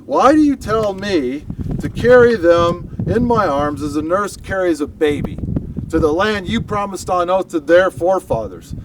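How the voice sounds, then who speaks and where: A man's voice: lively intonation, measured pace, recorded from a distance, background noise. A man voicing an exasperated old leader at his limit. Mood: pleading, exasperated. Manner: anguished, pleading, pitched up high. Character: exasperated old male leader, pleading loudly.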